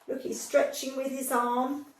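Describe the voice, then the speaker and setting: Heard from afar in an echoey room, a woman with a high voice reads aloud to young children at an unhurried pace, her delivery generally flat. Still, she gives the picture book's characters livelier voices and slips in chatty comments.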